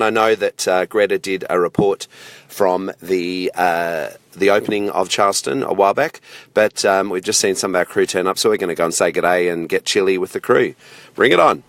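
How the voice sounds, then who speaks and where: An Australian man with a lowish voice talks in a rambling, jokey way, dropping plenty of fillers as he goes. The sound is close and dry, like a small space with no echo. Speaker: roving parkrun reporter. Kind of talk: casual on-the-road vlog report. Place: parked car.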